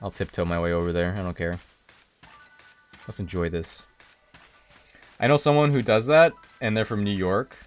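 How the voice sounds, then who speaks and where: A man live-streaming a video game, chatting casually with viewers and breaking into high, excited yelps when something happens in the game. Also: moderate pace, long pauses, soft background music.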